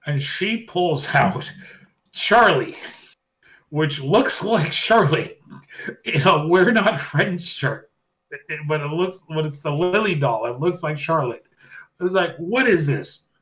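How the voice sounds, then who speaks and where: A man's voice: a little high, slow pace. Chatty man recapping with quoted voices. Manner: animated retelling, acting out quotes. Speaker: podcast co-host. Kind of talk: casual wrestling recap chat.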